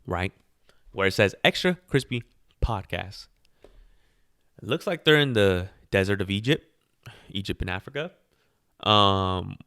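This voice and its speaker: A man talks through his own podcast in a loose, opinionated monologue, firing off rhetorical questions and laughing at his own asides. His voice sits a little low, and the recording is close and dry with no room sound. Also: fairly bright tone, clear, resonant tone, no echo. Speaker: podcast host. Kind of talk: casual solo podcast monologue.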